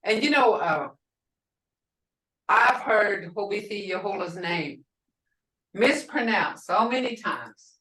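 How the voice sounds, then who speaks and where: An older woman teaching a language class, speaking slowly and patiently and repeating words for her learners. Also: medium pitch, expressive, a bit bright. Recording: roomy and distant from the mic.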